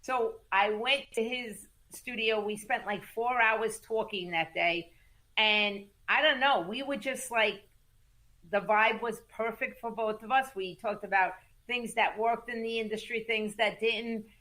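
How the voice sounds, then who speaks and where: A woman guest in a casual interview, telling music business stories in an animated, emphatic way, repeating words for stress and cursing casually. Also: fairly high pitch, unhurried. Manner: acts out quoted voices in lively storytelling. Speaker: music manager and entertainment attorney, guest.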